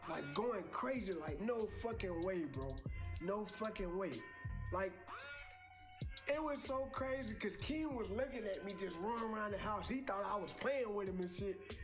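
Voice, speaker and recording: A man's voice: high voice, lively intonation, moderate pace. A man who runs a music channel tells a story casually, in a laid-back way, filling his talk with "like" and "bro". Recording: clip with loud music behind.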